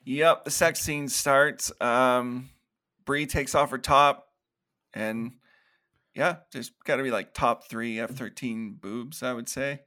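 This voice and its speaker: A man's voice: mid-range voice, steady tone, takes it slowly, sharp tone. A man co-hosting a podcast, casually retelling scenes from a horror movie with put-on quotes and laughter. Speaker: podcast co-host. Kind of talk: casual movie review chat.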